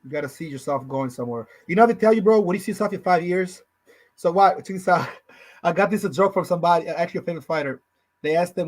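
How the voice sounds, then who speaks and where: A man's voice: sits high, quick pace, darkish tone. A man in his thirties co-hosting a podcast in casual, rambling chat, full of slang and "you know". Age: 30s. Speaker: podcast co-host.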